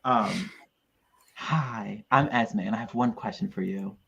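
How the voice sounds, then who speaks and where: A woman's voice: very deep voice, measured pace, creaky, husky, dull audio. A woman on a podcast panel, chatting casually with wry, self-mocking swearing.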